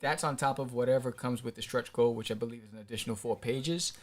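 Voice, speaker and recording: A middle-aged man with a voice of ordinary pitch hosts a casual live stream. He rambles and gets excitable, with plenty of "um"s and restarts. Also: fast talker. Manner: rambling and excitable, with many fillers. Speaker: independent comic creator and live-stream host.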